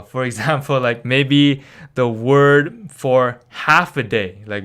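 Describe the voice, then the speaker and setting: A man's voice: mid-range voice, fairly bright tone, smooth. A young man giving a casual live-streamed language lesson, rambling with lots of fillers and little laughs.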